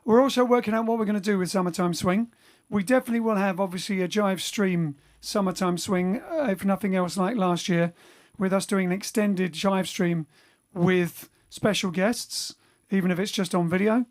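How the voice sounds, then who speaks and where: A man's voice: sits high, fairly even intonation, normal speed. Rambling chatty man on a livestream. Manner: rambling, chatty, with many fillers and restarts. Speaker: band member hosting a livestream. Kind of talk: casual livestream chat reading viewer comments. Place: home during lockdown.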